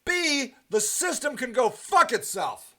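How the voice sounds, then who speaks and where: A man with a high-pitched voice hosts a livestream and rants to his viewers. He is angry and swears often, breaking off into ums and restarts as he answers their comments. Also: lively intonation, a little slow, fairly bright tone. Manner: profane, angry and emphatic, with frequent ums and restarts. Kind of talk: ranting livestream monologue.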